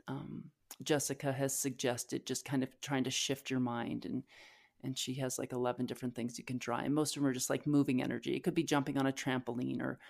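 A woman's voice: sits low, a little mellow. A woman co-hosting a podcast, telling a candid, emotional personal story with frequent restarts and filler words. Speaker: podcast co-host.

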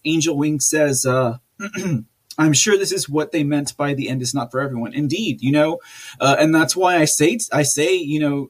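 A man hosting a podcast, reading out live chat comments in a chatty, rambling way with frequent laughs. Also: a little high. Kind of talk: casual live-stream chat.

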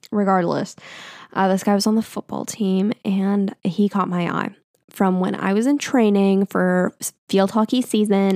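Young woman rambling thru her own stories, cussing, lots of "like", mid pitch, dry sound. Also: a little mellow, no echo. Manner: chatty, filler-heavy, profane, self-mocking. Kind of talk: casual storytelling monologue.

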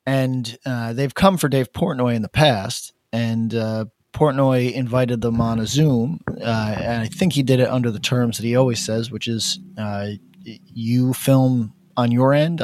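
A man's voice: mid-range voice, darkish tone, no echo. Rambling man telling a story. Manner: rambling, many fillers, acts out quotes. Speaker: podcast co-host. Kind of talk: casual chat, animated storytelling.

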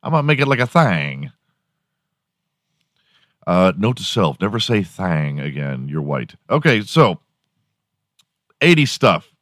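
A man's voice: on the low side, very animated, slow pace, long pauses, fairly bright tone, no room sound, clean studio sound. A man in his forties hosting a solo podcast, rambling crudely and laughing at his own jokes. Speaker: podcast host. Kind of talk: solo comedic podcast rant.

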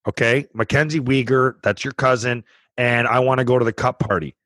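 A man's voice: mid-range voice, brisk, a bit bright, dry recording. A man co-hosting a podcast in casual sports chat, emphatic and repeating his points for stress. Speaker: podcast co-host.

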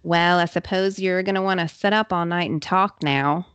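A woman's voice: on the low side, steady tone, normal speed, a bit bright, clear, resonant tone, close to an everyday voice. A woman voicing a witchy, nagging middle-aged mother with a sour, scolding manner.

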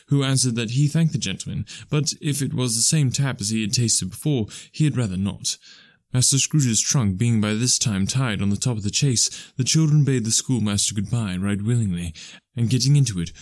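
A man narrating a classic storybook in a measured, even reading. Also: medium pitch, no echo, clean studio sound. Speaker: audiobook narrator.

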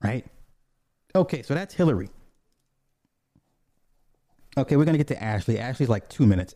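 A man's voice: medium pitch, animated, moderate pace, pauses often, warm tone, dry recording. A man casually retelling a TV episode, rambling and profane, with many restarts and asides.

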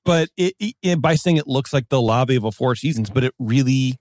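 A man co-hosting a casual podcast chat, talking in an animated, joking way and trailing off into asides. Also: mid-range voice, brisk, no echo, clean studio sound. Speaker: podcast co-host.

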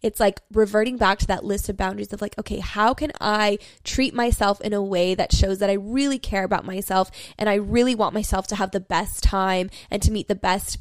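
A woman's voice: mid-range voice, no room sound. A young woman in her twenties hosting a candid solo podcast, talking frankly with lots of swearing and "like" fillers, giving listeners a pep talk. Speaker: podcast host.

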